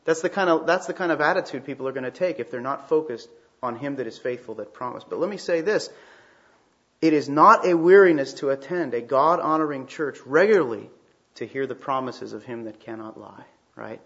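Male preacher, mid-pitched, emphatic, rhetorical, slightly lo-fi recording. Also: a little fast, a bit bright. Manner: emphatic, with rhetorical questions and repeated phrases. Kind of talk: sermon. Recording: slightly dull, lo-fi sound.

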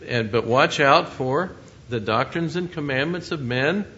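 A man's voice: a little high, lively intonation, unhurried, bright, forceful tone, highs cut off. A man preaching a sermon in an earnest, conversational way, often asking his listeners questions.

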